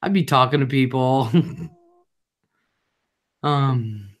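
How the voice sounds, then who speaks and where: A woman hosting a casual live chat, telling brash, loud stories with lots of laughing. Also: rumbling low, very slow. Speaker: livestream host.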